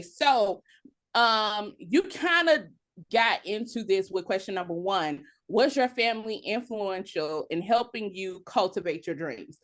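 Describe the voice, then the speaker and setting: An enthusiastic woman hosts a casual interview and hypes her guest. She is bubbly and energetic. Her voice sits a bit higher than usual. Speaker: host.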